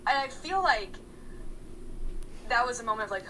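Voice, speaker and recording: A woman's voice: fairly high pitch, animated, normal speed, pushed and bright, slight background noise, rough recording. A woman player in casual chat, rambling through memories of a game session with restarts and laughing asides. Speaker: player guest.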